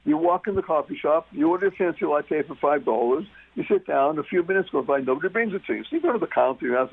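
A man's voice: fairly high pitch, lively intonation, fast, gravelly, breathy edge. A man talking as a guest on a talk radio show, emphatic and repeating key words for stress. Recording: muffled phone-line radio sound.

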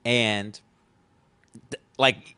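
A man's voice: mid-range voice, fairly even intonation, very slow, pushed and bright, clear, resonant tone, dry recording. A young adult man telling a rambling story in casual chat, swearing freely and acting out what he said at the time. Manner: rambling storytelling, swears casually, acts out his own past lines. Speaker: podcast guest, festival founder.

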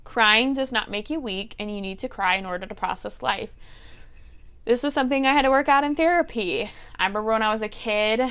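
A woman's voice: mid-range voice, bright, forceful tone, clear, resonant tone. A woman in her twenties hosting a solo podcast, giving earnest life advice in a casual way. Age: 20s. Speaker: podcast host and teacher.

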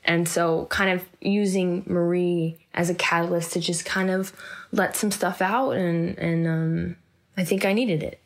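Young woman, low-ish voice, candid rambling interviewee. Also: steady tone, unhurried. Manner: rambling, reflective, many fillers and restarts. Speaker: actor being interviewed.

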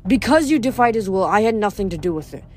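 A woman voicing a calm, sad twelve-year-old oracle girl who does not flinch, in a storybook reading. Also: medium pitch, fast talker, slight background noise, natural voice. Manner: calm, unflinching.

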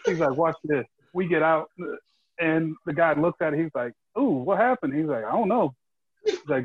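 A man's voice: on the high side, husky, no echo. A man telling a rambling, easygoing story in casual chat, with lots of fillers. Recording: dry, dull close mic.

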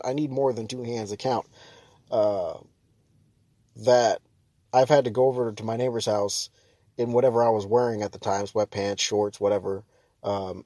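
A young man in a casual vlog rant, talking fast and loose with lots of fillers and restarts. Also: mid-range voice, no room sound. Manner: ranting, exasperated, jumps to loud mock shouts.

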